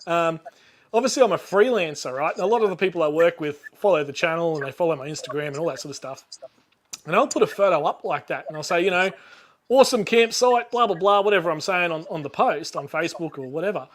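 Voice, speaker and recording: A man's voice: fairly high pitch, quick pace. A middle-aged Australian man telling a rambling camping story over a video call, laughing often and full of fillers and restarts. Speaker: YouTuber guest. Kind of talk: casual storytelling chat.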